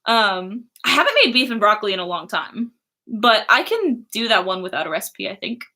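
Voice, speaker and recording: A woman's voice: mid-range voice, animated, a little fast, bright, forceful tone. A young woman chatting casually on a livestream, reading chat and laughing often. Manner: giggly, chatty, many fillers.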